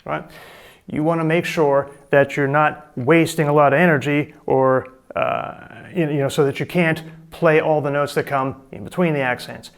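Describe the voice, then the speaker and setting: A man's voice: on the high side, steady tone, normal speed, gravelly, clear, resonant tone. A middle-aged man giving a casual, chatty drum lesson, explaining and demonstrating technique. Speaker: drum teacher.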